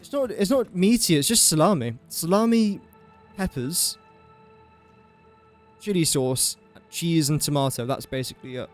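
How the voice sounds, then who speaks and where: A young man with a slightly raised, light pitch talks casually through a gaming livestream. He drifts from topic to topic and pokes fun at himself. Soft music plays faintly underneath. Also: expressive, normal speed, long pauses. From England. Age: young adult. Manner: rambling, chatty and self-mocking while building. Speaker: streamer.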